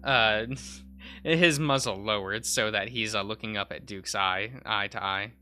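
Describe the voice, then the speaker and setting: A man's voice: lowish voice, measured pace, pushed and bright, smooth, soft background music. A young man streaming, reading a visual novel aloud with many uhs and restarts.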